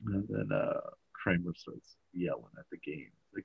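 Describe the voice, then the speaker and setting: A man recapping a sitcom in a very low, husky voice. He rambles and fills with lots of uhs. The sound is dry and dull. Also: moderate pace, few pauses, dry recording. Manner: rambling, filler-heavy storytelling. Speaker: podcast host. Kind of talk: casual show recap.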